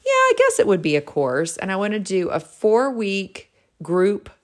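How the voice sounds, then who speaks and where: A woman's voice: medium pitch, wildly swooping pitch, moderate pace. A middle-aged woman, a realtor hosting her own show, telling a casual story in a bubbly, gushing way full of "like.". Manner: bubbly and gushing, heavy use of "like". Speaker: realtor and podcast host.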